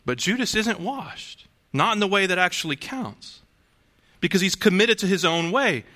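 A man preaches a sermon in a bright, forceful voice that sits a little high for a man. He talks to the congregation conversationally, tossing out rhetorical questions and restarting phrases as he goes. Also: sing-song, normal speed. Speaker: pastor.

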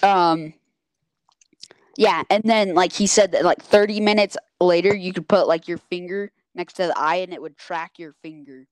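A man's voice: sits high, steady tone, normal speed, no echo. A teenage boy rambling through a story in casual chat with friends, making crude jokes.

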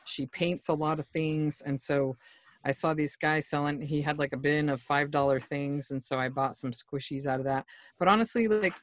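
A man's voice: on the high side, moderate pace, no echo. A man co-hosting a podcast, chatting casually in a rambling way and laughing often. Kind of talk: casual chat.

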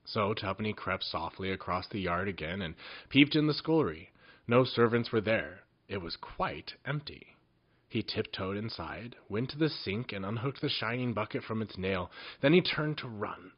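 A man reading a children's story aloud with a lively, swooping pitch and a sing-song lilt that keeps the tale moving. The recording is dull and lo-fi, with the top end muffled. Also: normal speed, breathy edge. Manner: expressive, sing-song delivery.

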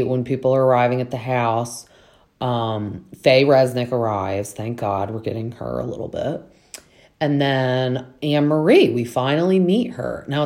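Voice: medium pitch, a little mellow. A podcast host recapping reality TV in a casual, chatty way, speaking frankly and with many filler words. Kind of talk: casual chat.

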